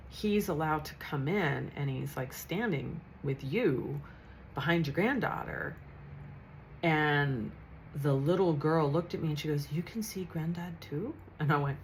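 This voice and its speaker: A woman's voice: low-pitched, slight background noise, low-quality recording. A woman in her fifties, a psychic medium telling a story in a chatty, earnest way with frequent restarts. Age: 50s. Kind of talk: casual storytelling monologue.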